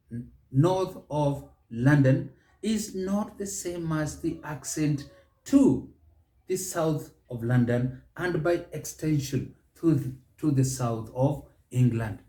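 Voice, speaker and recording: Slow deliberate Kenyan man teaching. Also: on the high side, mellow. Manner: slow, deliberate, stretches key words. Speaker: show host and English pronunciation teacher. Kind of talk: measured spoken lesson. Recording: echoey room.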